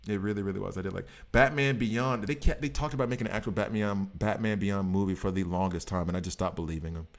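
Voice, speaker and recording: A man's voice: lowish voice, vocal fry. A man streaming a game, chatting casually in a rambling, jokey way. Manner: animated, rambling, jokey, breaks into quick voices. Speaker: gaming streamer. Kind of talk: casual chat while gaming.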